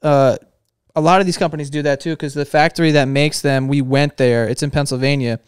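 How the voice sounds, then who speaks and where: Podcast guest: a loose, joking man who laughs a lot, with a smooth voice, recorded close and dry. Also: on the high side, fairly even intonation, fairly quick, dry recording. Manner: joking, laughs often, swears freely. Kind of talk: casual podcast banter.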